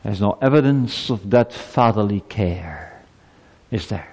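A man's voice: on the low side, lively intonation, a little slow, a little mellow, husky. A man preaching a sermon to a congregation, emphatic, with rhetorical questions and stammered repeats. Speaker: pastor. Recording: long hall reverb.

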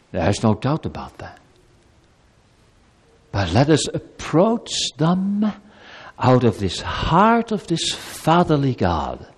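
A man preaching a sermon as pastor, animated, sometimes speaking God's words in a pleading tone. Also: on the low side, slightly rough. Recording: long hall reverb.

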